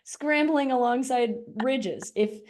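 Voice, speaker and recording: Relaxed woman podcast co-host. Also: high-pitched, slow. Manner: relaxed, many fillers and likes. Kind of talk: casual podcast chat.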